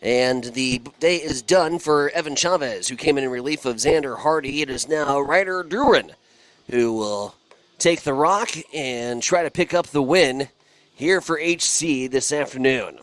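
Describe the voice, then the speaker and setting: A man calling baseball play-by-play in a relaxed, chatty way, trading remarks with his partner. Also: medium pitch, measured pace, no room sound. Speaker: play-by-play announcer.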